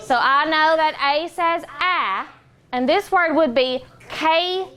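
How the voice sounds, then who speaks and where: A young woman teaching a phonics lesson in a classroom, patient and encouraging, sounding out words slowly. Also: sits high, sharp tone.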